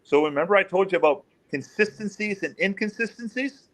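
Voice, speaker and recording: Animated storytelling man, slightly high voice. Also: brisk. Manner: animated, acts out quotes in raised pitch. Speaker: guest, former police officer. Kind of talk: storytelling in an interview.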